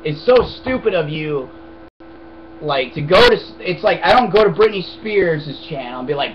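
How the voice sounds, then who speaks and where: A young man rants casually to camera in a vlog, answering viewer questions bluntly, with profanity and plenty of rambling. His voice is a little high and expressive at a moderate pace, and the webcam audio is dull, lo-fi, and noisy.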